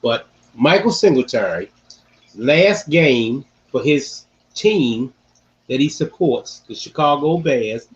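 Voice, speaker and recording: A man hosting a casual sports-talk podcast, animated and repeating phrases for emphasis. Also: mid-range voice, slow, dull audio. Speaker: podcast host.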